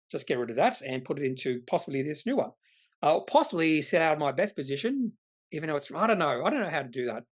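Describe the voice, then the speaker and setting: A man, hosting an investing channel and answering viewer comments in a rambling, opinionated way. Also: fairly high pitch. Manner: rambling, opinionated, self-correcting.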